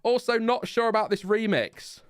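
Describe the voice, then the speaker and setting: A man's voice: high-pitched, normal speed, clear, resonant tone, no room sound, clean studio sound. A British man hosting a live-stream watchalong, chatting and laughing at himself from home. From Britain. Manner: chatty, self-deprecating, laughs often. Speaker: host. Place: home room. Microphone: headphones with a desk mic.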